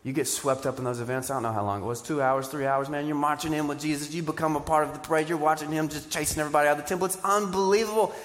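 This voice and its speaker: A man preaching a sermon, animated and joking, asking the crowd questions. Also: a little high, very fast, hardly any pauses. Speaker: pastor. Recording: live church sermon with hall reverb.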